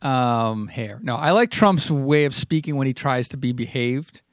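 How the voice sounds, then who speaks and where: A man's voice: medium pitch, unhurried, no echo, clean studio sound. A man co-hosting a podcast in casual chat, wry and joking.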